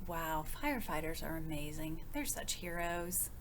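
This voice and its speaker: A woman, a children's librarian, reading a picture book aloud with expressive, child-directed storytelling and questions to her young listeners. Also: sits low, normal speed, a little hiss or hum.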